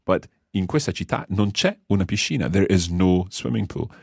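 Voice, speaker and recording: Deep husky male language teacher. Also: expressive, fairly quick, dry recording, studio quality. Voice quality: explains patiently, step by step. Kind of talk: podcast language lesson.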